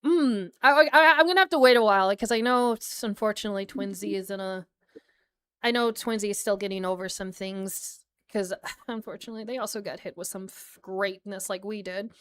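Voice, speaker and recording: A woman's voice: medium pitch, a little fast, a bit bright, clear, resonant tone. A young American woman chatting casually on a livestream as a VTuber, rambling with lots of fillers and frequent laughter. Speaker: VTuber streamer.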